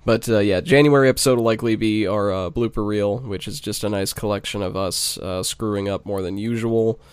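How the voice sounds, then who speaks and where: A man hosting a casual club podcast, laid-back and halting, laughing often and filling pauses with "um" and "uh". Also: fairly low pitch, steady tone, clean tone, no echo. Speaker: podcast host.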